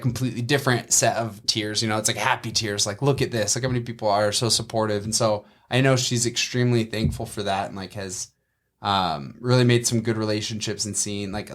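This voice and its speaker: A man's voice: on the low side, a bit bright. Young male podcast guest, casual and jokey, teasing storyteller.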